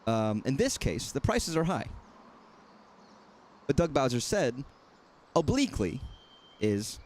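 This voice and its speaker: A man's voice: mid-range voice, big pitch swings, measured pace, long pauses, a little mellow, slight background noise. A man casually commenting while playing a game, talking in a rambling, self-correcting, wry way. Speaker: streamer.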